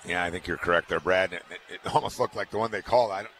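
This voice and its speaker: A lower-voiced man breaking down football plays quickly, with a bright, forceful tone. He talks conversationally and stumbles over repeated words as he works out his point. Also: slight background noise. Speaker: color commentator. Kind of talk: radio sports analysis.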